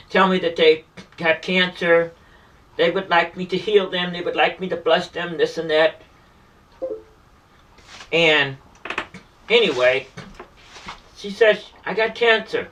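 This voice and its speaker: Man, high pitch, earnest storyteller, repetitive, stumbling restarts, distant mic. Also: a little slow, pauses often, bright, forceful tone. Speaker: street performer and vlogger. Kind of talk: emotional personal storytelling.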